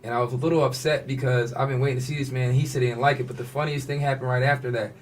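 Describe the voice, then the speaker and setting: A man in the middle of his pitch range tells a long personal story with relaxed street slang. He keeps the tale moving by slipping into the voices of the people in it. A faint hiss sits under his talk. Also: very fast. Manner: animated storyteller, slips into quoted voices, casual slang. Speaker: fashion designer, podcast guest.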